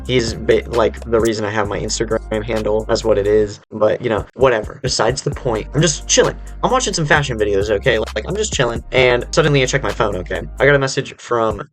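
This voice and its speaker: A young adult man telling a personal story in casual speech, animated and rambling, with lots of fillers and swearing. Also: fairly low pitch, a little fast, few pauses, soft background music. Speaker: storyteller vlogger.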